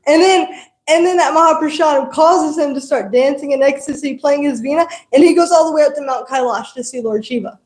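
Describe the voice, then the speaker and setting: A woman's voice: high-pitched, fairly quick, darkish tone, echoey room, poor audio. A woman giving a devotional talk, telling a story animatedly and laughing often. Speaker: devotional speaker.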